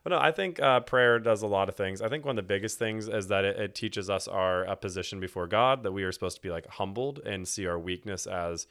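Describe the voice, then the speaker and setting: Low-voiced man talking faith casually. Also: a little fast, few pauses, fairly bright tone. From Texas. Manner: rambling, many restarts and fillers, laughs often. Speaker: podcast guest, church elder candidate. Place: indoor room with host.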